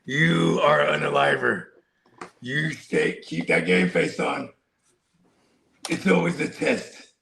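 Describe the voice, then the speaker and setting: A man hosting a casual fantasy football podcast, loud and teasing, often breaking into laughter. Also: a little high, lively intonation, slow, gravelly, pauses often, a little hiss or hum. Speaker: podcast host.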